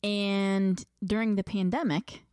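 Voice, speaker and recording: A woman's voice: mid-range voice, fairly even intonation, slow pace, a little mellow, smooth, no echo. A woman co-hosting a podcast in casual chat, steering the talk with dry asides. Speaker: podcast co-host.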